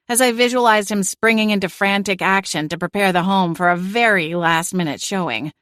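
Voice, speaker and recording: A woman's voice: on the low side, moderate pace, few pauses, a bit bright, no room sound, clean studio sound. A woman narrating a cozy mystery audiobook in first person with wry storytelling.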